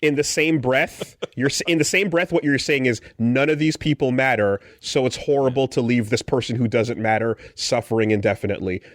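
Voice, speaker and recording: Man, podcast co-host, animated sarcastic talk, dry close sound. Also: mid-range voice, a little fast, few pauses, no echo. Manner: animated, restarts often, sarcastic asides. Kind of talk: casual podcast discussion.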